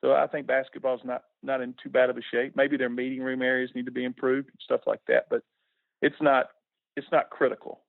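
A man's voice: medium pitch, little pitch movement, fairly quick, gravelly, dry recording. A middle-aged man, a former coach talking casually in a radio interview, folksy and repeating words when moved. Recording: tinny phone line on radio.

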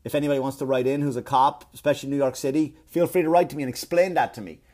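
A man delivering a profane comedic rant, animated and repetitive, often stumbling over his words. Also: medium pitch, very fast. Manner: animated, profane, repeats himself. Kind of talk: ranting comedic monologue.

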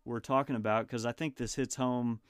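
Man, thirties, podcast host, casual rambling chat, smooth voice, dry sound. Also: mid-range voice, fairly even intonation, a little fast, no echo.

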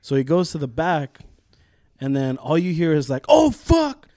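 A man's voice: on the high side, moderate pace, no room sound, clean studio sound. A young man on a podcast, telling a story in casual chat, swearing a lot and acting out what people said. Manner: animated, profane, acts out quotes in raised voices. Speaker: podcast co-host.

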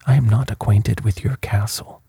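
A calm, bold young peasant from a gothic storybook, read by a male narrator. The voice is low, very breathy and mellow, with little rise and fall. It sounds close and dry. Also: no echo, exaggerated voice. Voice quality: hushed, breathy. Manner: slow, even storybook delivery.

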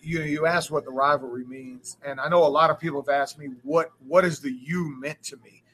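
A man in his forties giving an impassioned, storytelling speech to a crowd, swearing freely and rising to shouts. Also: a little high, fairly even intonation, a little fast. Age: 40s.

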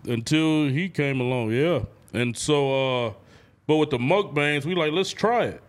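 A man in a casual interview, telling stories with animated, acted-out reactions and free swearing. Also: medium pitch, a little slow, smooth. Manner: animated storytelling, acts out his own reactions in a raised voice, swears freely. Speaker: content creator guest.

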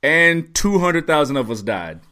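A man co-hosting a podcast in casual chat, ranting in a profane, excitable way. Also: on the high side, a little slow. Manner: profane, excitable, riffing rants. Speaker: podcast co-host.

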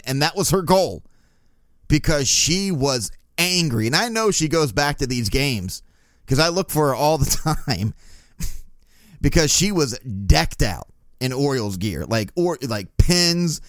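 A man's voice: a little high, very animated, a little slow, dry recording, studio quality. A male podcast host telling a profane, laugh-filled anecdote in a casual storytelling style.

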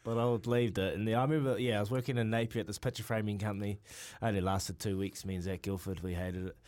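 Laughing Kiwi bloke, all mates and bros. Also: male voice, lowish voice, steady tone, fast, darkish tone. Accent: New Zealand. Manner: jokey and laughing, calls everyone mate and bro. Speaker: radio co-host. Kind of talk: casual studio banter.

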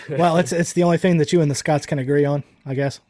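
An easygoing man chatting casually, quick to agree and often laughing. His voice is slightly higher than most men's. The sound is dry and close, with no room echo. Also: fairly even intonation, mellow. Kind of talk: casual chat.

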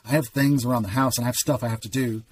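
A middle-aged man telling his faith testimony in casual talk, as an earnest storyteller with quick asides. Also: medium pitch, fairly even intonation, slight background noise. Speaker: podcast guest.

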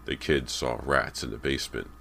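A weary father, as a male narrator plays him, speaks in a very deep, guarded voice. He sounds tired and suspicious in this spooky storybook reading. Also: normal speed, creaky, fairly bright tone, a little hiss or hum, heavily acted.

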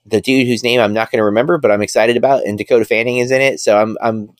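Speaking quickly with fairly even intonation, this man has a medium-pitched voice captured in studio quality without room sound. As a podcast co-host, he chats loosely about films he loves, rambling and using lots of fillers.

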